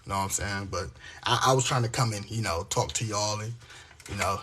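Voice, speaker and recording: A man's voice: mid-range voice, animated, moderate pace, sharp tone. A man talking casually to his viewers, reading scripture aloud and preaching emphatically with lots of profane slang. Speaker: vlogger.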